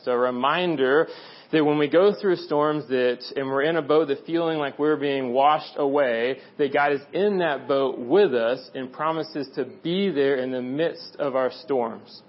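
Young male preacher, slightly high voice, casual and lively, dull lo-fi recording. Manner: conversational, animated storytelling with quoted voices. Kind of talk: sermon. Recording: dull lo-fi sound.

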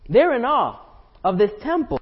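Male pastor, high voice, conversational sermon full of rhetorical questions, long church reverb. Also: wildly swooping pitch, normal speed, husky, muffled recording. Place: church sanctuary.

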